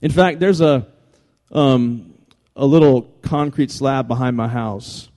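A man giving an animated, humorous talk to a live audience. He jokes, repeats phrases and keeps calling for the crowd's attention. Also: medium pitch, slow pace. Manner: energetic, jokey, repeats phrases, calls for attention. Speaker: speaker addressing a live audience.

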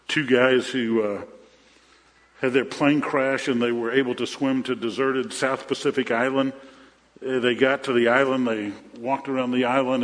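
A middle-aged man preaching a sermon as a pastor, conversational, often repeating his phrases and telling jokes. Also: medium pitch. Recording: reverberant hall.

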